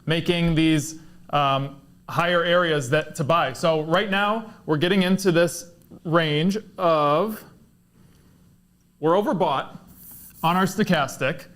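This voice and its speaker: Male trading analyst, somewhat high voice, plainspoken chart talk with a few ums. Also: takes it slowly, pauses often, a bit bright. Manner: plainspoken, explains charts simply. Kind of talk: casual livestream chat.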